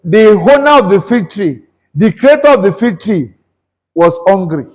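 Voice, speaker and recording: A man's voice: high-pitched, big pitch swings, moderate pace, big-room sound. A man preaching a sermon, questioning the congregation and mixing English and Yoruba. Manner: switches between English and Yoruba. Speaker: pastor.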